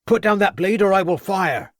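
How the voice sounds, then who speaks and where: A man voicing an urgent police constable in an audiobook, shouting his lines much higher than his normal voice. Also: expressive, moderate pace, no room sound, studio quality. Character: urgent, loud young male police constable. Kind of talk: audiobook character voice.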